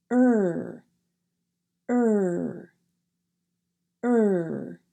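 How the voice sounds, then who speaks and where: A woman's voice: mid-range voice, dark tone. A woman teaching English pronunciation, modeling sounds carefully and repeating drill words. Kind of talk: slow instructional pronunciation lesson.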